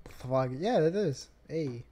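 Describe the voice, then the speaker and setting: A man giving casual, chatty reaction commentary, loose and quick to laugh. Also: fairly high pitch, expressive, mellow. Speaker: reaction video host.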